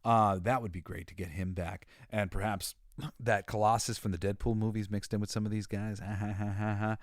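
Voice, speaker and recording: A man's voice: on the low side, little pitch movement, fairly quick, no room sound, clean studio sound. A man hosting a podcast, talking casually in a rambling, opinionated monologue full of fillers, restarts and exasperated sighs. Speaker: podcast host.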